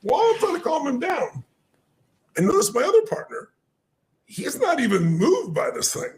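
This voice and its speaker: An older man telling a story as a podcast guest, animated and acting out the people he quotes in shifting voices. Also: very high voice, normal speed.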